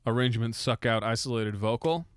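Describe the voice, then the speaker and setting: Speaking a little fast in a mid-range voice over loud music, a young music producer and mixer jokes his way through explaining how he produced a track. He's irreverent and self-mocking, swearing freely in this casual tutorial.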